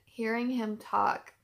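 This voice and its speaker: A woman's voice: fairly high pitch, creaky, fairly bright tone. Woman rambling through an emotional reaction. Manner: rambling and emotional, heavy on filler words. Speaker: YouTube reaction channel host. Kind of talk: casual chat.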